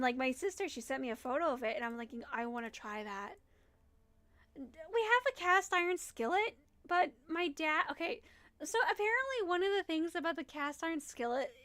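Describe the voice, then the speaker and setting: A young woman streamer with a Midwestern accent and a high-pitched, slightly bright voice chats casually on a livestream. She rambles and giggles while answering chat.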